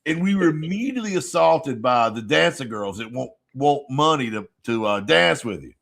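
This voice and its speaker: A man co-hosting a podcast, telling a rambling, animated story in casual chat. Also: mid-range voice, normal speed, creaky. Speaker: podcast co-host.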